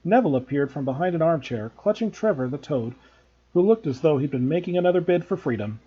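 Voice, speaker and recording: A male teacher reads a children's novel aloud with a husky, mellow voice and a lively, expressive lilt. His pitch sits a little high. The recording is dull and lo-fi. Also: fast. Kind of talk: storybook read-aloud narration.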